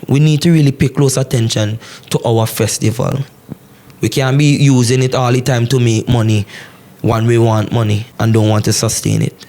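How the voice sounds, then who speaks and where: A man's voice: mid-range voice, a little mellow. A man, a soca and calypso singer, making an earnest and repetitive appeal to the camera on a TV music show. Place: television music show stage. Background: live band music.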